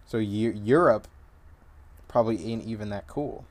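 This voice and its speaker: A man's voice: lowish voice, normal speed. A man co-hosting a casual podcast chat, laid-back and filling his talk with "like" and "um". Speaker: podcast co-host.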